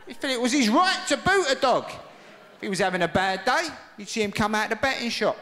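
A middle-aged man doing a live stand-up routine, telling stories in an animated, shouty way. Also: sits high, fairly quick. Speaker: stand-up comedian. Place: large theatre with live audience. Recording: echoey live hall with loud audience laughter.

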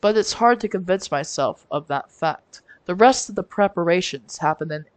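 A woman's voice: lowish voice, expressive, normal speed, no echo. A woman streamer reading a visual novel aloud with her own asides, giggling and stumbling over words now and then. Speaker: let's play streamer.

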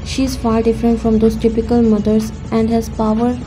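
A woman narrating a fan-fiction story in an even, unhurried reading voice. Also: on the high side, low-quality recording. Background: faint music.

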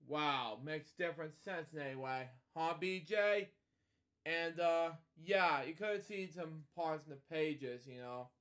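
A man's voice: a little high, fairly bright tone. A man casually reading a picture book aloud as a storytelling host, stumbling over words and wandering into rambling asides at home.

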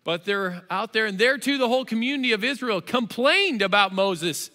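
Animated, high-voiced male preacher. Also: normal speed, long reverb tail. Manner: animated storytelling, acts out characters. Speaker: pastor. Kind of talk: sermon. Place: church auditorium.

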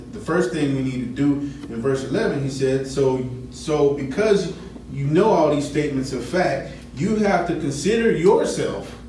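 A man's voice: mid-range voice, darkish tone, slight background noise. Man teaching a Bible class in an echoey room. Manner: conversational, asks the class questions. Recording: echoey room, mic at a distance.

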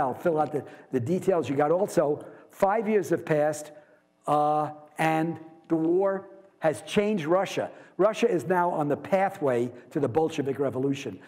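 A man with a high voice teaches a university literature class. He speaks in a lively way and keeps putting rhetorical questions to his students. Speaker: literature lecturer. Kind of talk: university lecture.

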